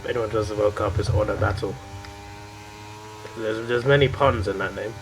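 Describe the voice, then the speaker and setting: A man's voice: fairly low pitch, steady tone, moderate pace, a little hiss or hum, low-quality recording. A young man chatting casually while playing a racing game, rambling through jokey anecdotes full of British slang. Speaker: gaming video creator. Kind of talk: casual gameplay chat.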